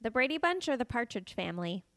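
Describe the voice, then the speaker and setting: High-voiced giggly woman co-host. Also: big pitch swings, fast, dry recording, clean studio sound. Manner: giggly, warm reactions. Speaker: podcast co-host. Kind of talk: casual interview chat.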